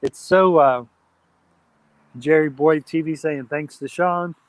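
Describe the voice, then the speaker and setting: A man's voice: on the high side, takes it slowly, dry recording. A man hosting an outdoor campfire live stream, chatting casually and reading viewer comments aloud. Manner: chatty, reads chat aloud, friendly shout-outs.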